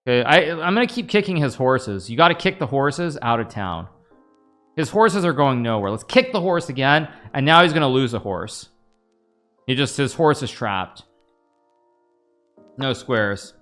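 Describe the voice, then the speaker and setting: Animated man chatting while playing chess. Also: mid-range voice, moderate pace, pauses often, soft background music. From United States. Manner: chatty, rambling, talks to chat while playing. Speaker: chess streamer. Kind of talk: live-stream commentary.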